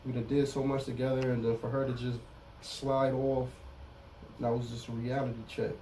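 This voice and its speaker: A man's voice: medium pitch, flat delivery, normal speed, mellow, far from the mic, a little hiss or hum, rough recording. A middle-aged man speaking candidly as an interview guest in street slang, often saying "you know what I'm saying". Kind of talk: casual interview about prison time.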